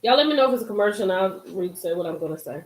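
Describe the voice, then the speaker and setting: A woman hosting a casual live-stream commentary, emphatic and animated, reading and reacting to viewer comments. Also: medium pitch, racing. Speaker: YouTube commentary host. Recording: roomy echo.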